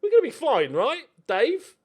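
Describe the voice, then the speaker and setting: A man's voice: very high-pitched, wildly swooping pitch, normal speed, pitched above the performer's own voice, heavily acted. A man putting on a camp voice for a nervous male German football fan in a game commentary. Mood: falsely cheerful.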